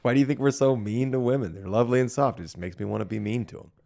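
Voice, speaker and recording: A man's voice: mid-range voice, racing, gravelly, warm tone. A man co-hosting a comedy podcast, chatting casually and rambling into self-mocking jokes about his stand-up sets. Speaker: podcast co-host, stand-up comic.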